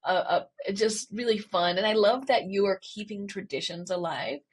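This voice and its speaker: A woman's voice: medium pitch, normal speed, breathy edge. A middle-aged woman host from Southern Virginia with a Southern accent, chatting bubbly and laughing often. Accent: Southern American. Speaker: show host. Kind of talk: lively interview chat.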